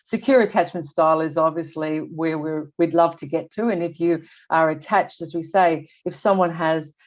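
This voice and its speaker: An older woman speaks candidly as a podcast guest in a fairly low voice. She stops, restarts and repeats words as she works through her thoughts, and the recording sounds dull and lo-fi. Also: fairly even intonation, normal speed. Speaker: guest expert. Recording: dull lo-fi audio.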